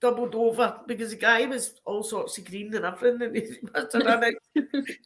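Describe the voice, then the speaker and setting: A woman with a Scottish accent, a podcast guest telling animated anecdotes in a casual way. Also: on the high side, brisk. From Scotland. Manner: lively, animated anecdotes broken by frequent laughter. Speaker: podcast guest, crime scene cleaner. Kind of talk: casual storytelling.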